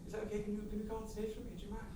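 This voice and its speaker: A man's voice: high voice, monotone, rapid-fire, far from the mic, background noise. A man performing camp, teasing comedy crowd work as a stage medium in a theatre. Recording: roomy live theatre sound from afar.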